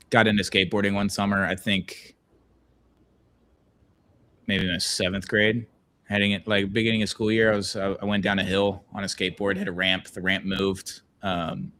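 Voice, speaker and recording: A man runs a casual watch-along podcast, his voice sitting fairly low. He rambles easily and reads viewer comments out loud as he goes. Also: slight background noise. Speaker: podcast host.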